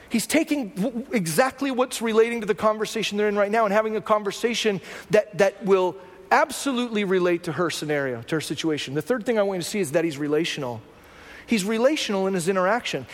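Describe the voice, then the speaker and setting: High-voiced man preaching in a reverberant hall. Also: expressive, quick pace. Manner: conversational storytelling with self-mocking humor. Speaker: pastor. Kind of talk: sermon. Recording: long church hall reverb.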